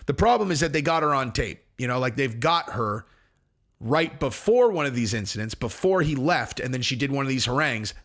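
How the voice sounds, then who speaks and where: A man's voice: mid-range voice, expressive, a little fast, fairly bright tone. A man hosting casual commentary, talking in an emphatic, rambling way with frequent restarts. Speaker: host.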